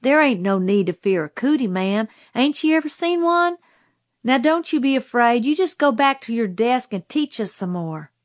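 A woman's voice: fairly high pitch, animated, normal speed, no echo, studio quality, voice pushed up, natural voice. A woman reading aloud voices an earnest, kindly young schoolboy with eager, urgent country speech. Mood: reassuring.

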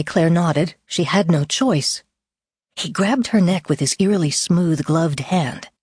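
A woman narrating a story in a measured, deliberate audiobook style. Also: lowish voice, darkish tone, breathy edge, no room sound, studio quality.

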